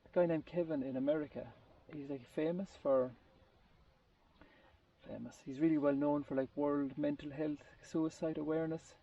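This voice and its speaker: A man with a gravelly, mellow voice tells a long story in a relaxed group conversation. He rambles and restarts his sentences as he searches for words. He sits well back from the mic, and the recording sounds muffled and lo-fi. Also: fairly high pitch, moderate pace, far from the mic. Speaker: group participant. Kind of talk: casual storytelling in a group chat.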